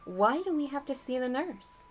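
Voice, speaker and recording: A woman's voice: high voice, expressive, moderate pace, voice pushed up. A woman reading as a jittery young boy camper. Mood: worried. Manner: nervous, anxious questions.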